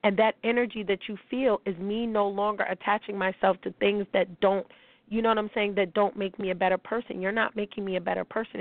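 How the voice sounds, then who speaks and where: A woman's voice: medium pitch, fairly quick, no room sound. A woman hosting a podcast, delivering a blunt, heated, profane monologue. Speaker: podcast host. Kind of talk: emotional monologue. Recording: tinny phone-like sound.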